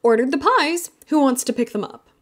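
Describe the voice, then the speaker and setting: Bustling, chirpy mom, voiced by a woman, high and bright for an audiobook. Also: animated, normal speed. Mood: cheerful. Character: bustling practical mother, on the phone.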